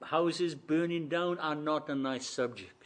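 The speaker is an older man preaching at a measured pace in a slightly high voice. His delivery alternates between soft asides and loud, emphatic statements, and he performs both voices in imagined exchanges.

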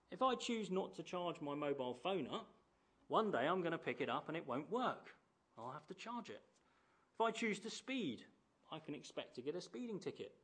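A man in his thirties preaching a sermon in a conversational way, often asking rhetorical tag questions. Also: on the high side.

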